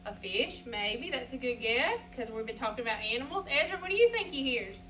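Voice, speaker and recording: A woman's voice: on the high side, big pitch swings, a little fast, sharp tone, recorded from a distance, slight background noise, poor audio. A woman teacher reading a picture book aloud to a class, asking the children questions in a sing-song way.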